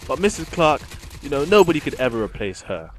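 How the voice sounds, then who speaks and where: A man's voice: medium pitch, big pitch swings, fairly quick. A young man chatting casually and giggling while commenting over gameplay. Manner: chatty, giggly, rambling with fillers. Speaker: gaming commentator.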